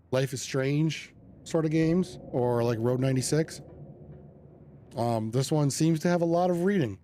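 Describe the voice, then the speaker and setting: A man's voice: medium pitch, dark tone, slight background noise. A man streaming a story game, chatting casually in a rambling way and reading the text aloud. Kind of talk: casual live-stream commentary.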